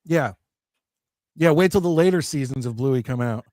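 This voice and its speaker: A man's voice: mid-range voice, moderate pace, darkish tone, dry recording, clean studio sound. A man from the United States, a father, chatting casually in a rambling way. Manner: rambling, restarts, talks about his daughters. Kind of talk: casual chat.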